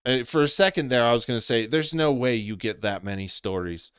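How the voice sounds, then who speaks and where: Man with a smooth voice giving rambling commentary. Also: medium pitch, lively intonation, fairly quick, fairly bright tone, no room sound, studio quality. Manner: rambling, opinionated, full of fillers. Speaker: commentary channel host. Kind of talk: commentary monologue.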